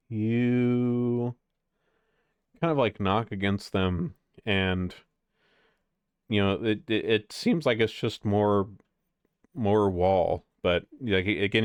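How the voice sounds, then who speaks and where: Low-voiced rambling man game master. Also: smooth, no room sound, studio quality. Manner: rambling, lots of fillers. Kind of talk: narrating a tabletop game.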